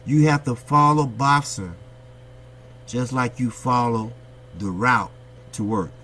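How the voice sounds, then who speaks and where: A man from the United States rants about boxing straight to his viewers in a blunt, salty way, answering his own questions as he goes. His voice sits at an ordinary middle pitch. A faint hum runs under the recording. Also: slow, bright, forceful tone. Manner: blunt, profane, ranting delivery. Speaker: boxing channel host. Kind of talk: opinionated boxing commentary monologue.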